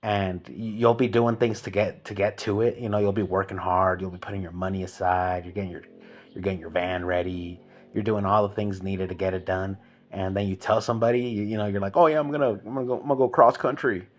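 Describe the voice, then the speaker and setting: A man's voice: deep voice, little pitch movement, fairly quick, slight background noise. A man delivering a comic rant monologue in an emphatic, repetitive, slangy way. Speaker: vlogger.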